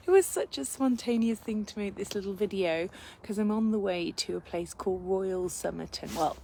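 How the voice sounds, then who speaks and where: Woman, soft and whispery, slightly worn voice, casual live video, outdoors under a tree, faint background noise. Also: mid-range voice, normal speed, gravelly, poor audio. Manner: soft, often drops to a whisper. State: slightly losing her voice. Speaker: healer and channel host.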